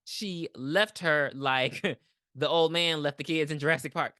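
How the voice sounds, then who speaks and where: A woman's voice: deep voice, measured pace, bright, forceful tone, no room sound, studio quality. A young woman co-hosting a podcast, recapping a movie in casual chat and acting out the characters in big voices. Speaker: podcast co-host.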